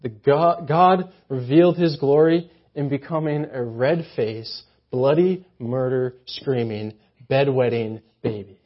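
A man preaching a casual sermon in a church, chatty and full of "like," shifting from hushed awe to loud emphasis. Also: medium pitch, slow. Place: church chapel. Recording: muffled lo-fi sermon audio.

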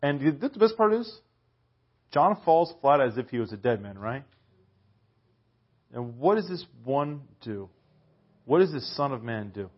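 A man preaching a sermon in a conversational, animated way, sometimes dropping to a hushed softness. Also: fairly high pitch, measured pace, long pauses, slightly rough. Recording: dull, lo-fi church recording.

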